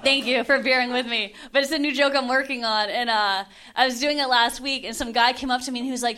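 High, bright-voiced woman doing stand-up. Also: fast talker, hardly any pauses. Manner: deadpan delivery, laughs at her own jokes. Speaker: stand-up comedian. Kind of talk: stand-up comedy set. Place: comedy club stage.

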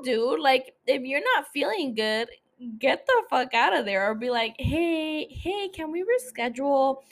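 A young woman hosting a casual recap podcast, animated and swearing freely, laughing often as she talks. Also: a little high. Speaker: podcast host.

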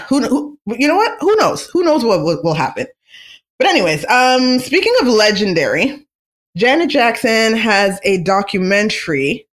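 Vlogger, casual fan chat, excitable, rambling, gushing, mid-pitched voice.

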